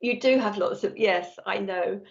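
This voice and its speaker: A woman's voice: mid-range voice, a little slow, gravelly. A woman working as a psychic medium on a live stream, chatty and affectionate, reading messages from viewers. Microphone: earphones with mic. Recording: slightly dull lo-fi stream audio.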